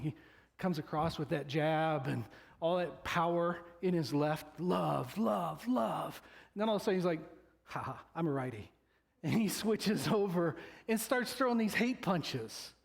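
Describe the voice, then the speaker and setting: A man's voice: on the high side, normal speed. A male pastor preaching a sermon in a loose, conversational way, joking with the congregation and acting out quoted voices. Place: church sanctuary.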